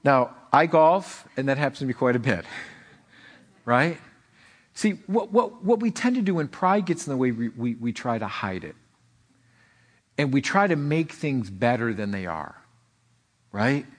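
A man preaching a sermon in an animated way, often repeating words and acting out the people in his stories. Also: medium pitch, measured pace, pauses often. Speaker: pastor.

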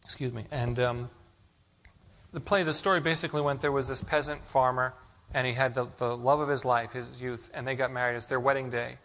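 A man's voice: mid-range voice, steady tone, fairly quick, a bit bright. A man preaching a sermon, asking the congregation rhetorical questions and telling stories. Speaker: pastor.

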